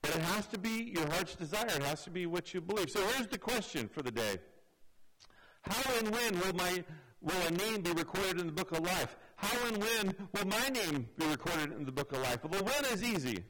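Bright-toned earnest preacher man. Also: animated, moderate pace, rough recording. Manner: earnest, drops low for emphasis. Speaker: pastor. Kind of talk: sermon.

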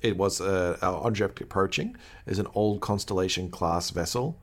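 A man co-hosting a podcast in relaxed casual chat, recapping an episode with plenty of fillers. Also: low-pitched, normal speed. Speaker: podcast co-host.

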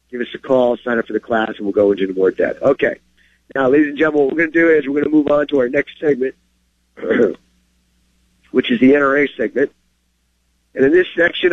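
A man's voice: medium pitch, no echo, dull audio. A man hosting a firearms segment, explaining carry rules in a plain, emphatic way and reading short stories aloud with his own comments. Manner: plain-spoken, emphatic, checks in with "okay?". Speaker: firearms instructor and show host. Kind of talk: instructional talk and story reading.

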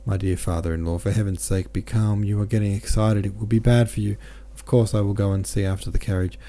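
A dignified merchant consul speaks in a steady, soothing manner, read by a man. His low, mellow voice stays calm and reassuring. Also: close to an everyday voice. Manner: soothing, measured.

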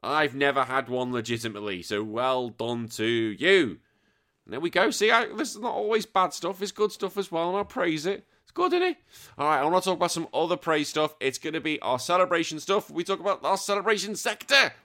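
A middle-aged English man hosting a podcast, reading out listener messages in casual chat and bursting into loud sworn exclamations. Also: a little high, a little fast. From England. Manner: animated, swears freely, bursts into loud exclamations. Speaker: podcast host.

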